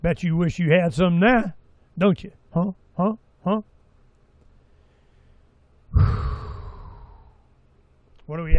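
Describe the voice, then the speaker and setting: A man's voice: on the high side, darkish tone, no echo, dull audio. A middle-aged man hosting a talk show, rambling and sarcastic in a casual monologue, slipping into mocking voices for quotes.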